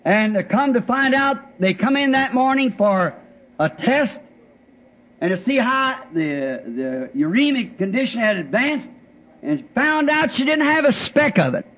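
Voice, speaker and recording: A man's voice: extremely high pitch, sing-song, a little slow. A man preaching a sermon, telling a testimony in a folksy, rambling way with plain rural grammar. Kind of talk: sermon storytelling. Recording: dull lo-fi old recording.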